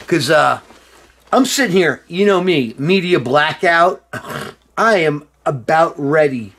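A tipsy middle-aged man rambling excitedly in a casual video monologue, swearing and breaking into loud outbursts. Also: fairly high pitch, takes it slowly. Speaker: former band member showing a reissued album.

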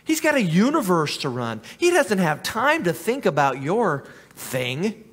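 Man, pastor, earnest sermon, fairly high voice, restarts words, long church reverb. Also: wildly swooping pitch, a little slow, breathy edge. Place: church sanctuary.

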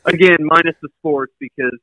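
A man with a Kentucky accent hosting a casual podcast interview, chatty and quick to laugh. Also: fairly high pitch, pushed and bright, dry recording, rough recording. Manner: chatty, laughs between lines. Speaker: podcast host. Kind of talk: casual chat.

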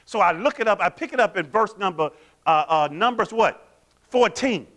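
Animated, high-voiced preaching man. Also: normal speed. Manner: animated, quizzes the congregation with call-and-response questions. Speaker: pastor. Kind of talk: sermon.

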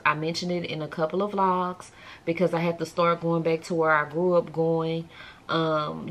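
A woman with a fairly low voice chats casually in a vlog and talks straight to her viewers. A faint hiss of room noise sits under her voice. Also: a bit bright. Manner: subdued and emotional. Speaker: vlogger.

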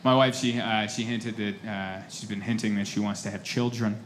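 A man's voice: fairly low pitch, fairly even intonation, moderate pace. A man in his thirties doing a self-deprecating stand-up set, acting out quoted voices along the way. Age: 30s. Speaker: stand-up comedian. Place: comedy stage before a laughing audience. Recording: live comedy set with audience noise. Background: audience laughter.

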